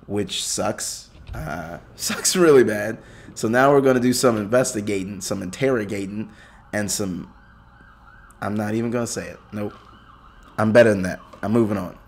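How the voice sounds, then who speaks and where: A man's voice: on the low side, creaky. Joking young man commentating a game. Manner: casual, joking, talks to viewers. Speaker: gaming YouTuber. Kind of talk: let's play commentary.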